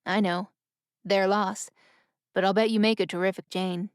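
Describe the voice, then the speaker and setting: Brief: woman reading a firm, reassuring young man in a storybook audiobook, smooth and dry. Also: mid-range voice, steady tone, moderate pace, dry recording, close to an everyday voice. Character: young man, steady and caring.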